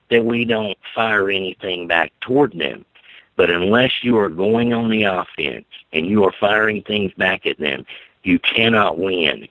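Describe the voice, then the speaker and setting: A man speaking as a guest on a talk show, giving urgent, forceful warnings and telling his story with energy. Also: low-pitched, dry recording, rough recording. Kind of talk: impassioned talk radio guest.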